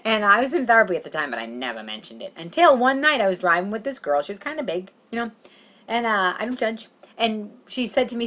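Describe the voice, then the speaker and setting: A young woman from tells a funny story about herself. She talks quickly and animatedly, pitching into mid-range tones as she acts out her own nervous thoughts. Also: big pitch swings, bright, forceful tone. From Boston, Massachusetts. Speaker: comedian. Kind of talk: comedic storytelling vlog.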